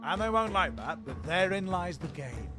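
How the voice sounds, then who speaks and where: A man's voice: sits high, sing-song, moderate pace, over music. Wry man narrating comic history. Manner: dry, wry asides. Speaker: podcast host narrator.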